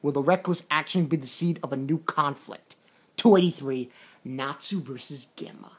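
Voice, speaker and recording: A woman with a deep voice gives a casual, excitable review of a comic chapter at a moderate pace. She repeats words and retells scenes using quoted voices.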